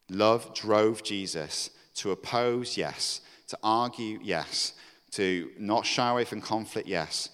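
A man's voice: low-pitched, a bit bright, clear, resonant tone. A man giving an earnest sermon to a congregation, candid about his own faults and rising to emphatic exhortation. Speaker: preacher. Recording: long reverb of a hall.

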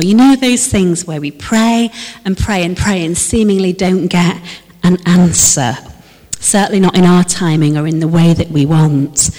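A woman preaching a sermon in a church, her voice trailing off into a long hall reverb. She speaks slowly and sits on the low side of the usual range for her sex. She moves between bursts of lively emphasis and quiet, drawn-out reflection. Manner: expressive, moving between lively emphasis and hushed, slowed reflection.

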